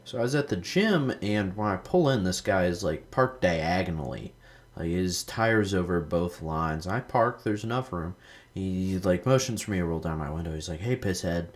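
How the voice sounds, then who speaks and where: A young man with a very low voice talks over his gameplay in a loose, rambling way. He drifts into stories, swears freely and fills his sentences with "like," sounding like a casual gaming host. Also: animated, moderate pace. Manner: rambling storytelling, heavy swearing, lots of "like".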